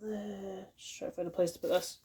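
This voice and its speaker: A Scottish woman talks through an unboxing from her home floor, casual and unscripted. She swears freely, sounds exasperated, and keeps breaking off to apologize to her viewers. Her pitch sits at an everyday middle level for a woman. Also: steady tone, brisk, dark tone, a little hiss or hum. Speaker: toy collector reviewing die-cast cars. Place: at home, indoors on a carpeted floor.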